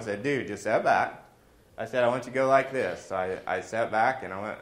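A man's voice: medium pitch, animated, moderate pace, echoey room. A man preaching a sermon in a folksy, joking way, weaving personal stories into his message.

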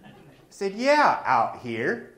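A man's voice: high voice, huge pitch swings, extremely slow, a bit bright, echoey room. A man preaching a sermon in a folksy, joking way, weaving personal stories into his message.

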